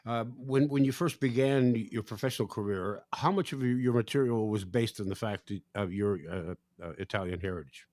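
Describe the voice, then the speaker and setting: A middle-aged man hosting a podcast and asking searching, halting questions. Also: on the low side, a little mellow, no echo, studio quality. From Canada. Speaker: podcast host. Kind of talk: interview and ad read.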